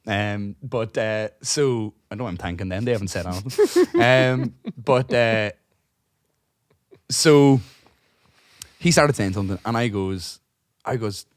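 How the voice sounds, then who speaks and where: A man's voice: fairly low pitch, takes it slowly, no room sound. Guy rambling thru a pub story, swearing, doing everyone's lines, dry close sound. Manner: rambling, swears a lot, acts out dialogue; restarts and trails off while telling stories. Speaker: podcast co-host. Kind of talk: casual chat, long anecdote.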